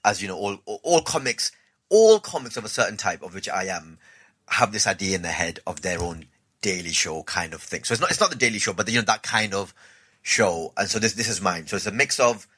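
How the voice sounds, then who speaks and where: A male comedian, chatting casually and telling a story with lively acted-out voices. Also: on the low side, fairly quick, husky. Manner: animated storytelling, acts out quoted voices. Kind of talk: casual podcast chat.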